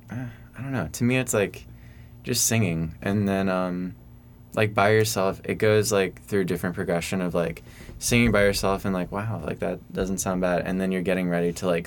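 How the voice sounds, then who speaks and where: A young man from Michigan, a student songwriter, answering interview questions casually in a soft, hesitant way full of fillers. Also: low voice, slight background noise. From Michigan, USA. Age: young adult.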